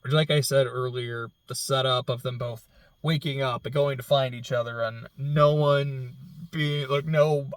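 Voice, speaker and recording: A man giving a casual, emotional film reaction, rambling with many fillers and dropping very soft when moved. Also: mid-range voice, fairly even intonation, measured pace. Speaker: film reviewer.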